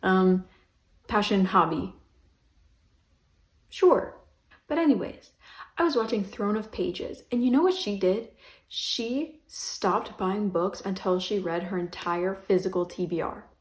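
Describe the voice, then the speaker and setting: Speaking slowly and pausing often, a medium-pitched young woman vlogs about her books from her bedroom, where the room echoes. She's casual and self-mocking, wandering along with frequent "um"s and "like"s.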